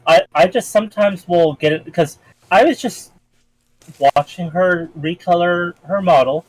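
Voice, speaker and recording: Someone in casual group chat on a voice call, with measured, slightly formal phrasing. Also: mid-range voice, no room sound, low-quality recording. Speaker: stream co-host.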